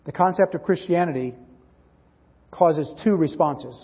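A pastor preaches a sermon, earnestly telling a story. His voice is husky and sits fairly high. It carries a long church-hall echo and sounds dull. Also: measured pace. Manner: earnest storyteller who acts out dialogue. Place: church sanctuary.

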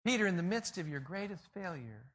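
A man acting out a gentle teacher who softly invites a failed friend to come along. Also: sits high, big pitch swings, brisk, voice pushed up, exaggerated voice. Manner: soft, gentle, coaxing.

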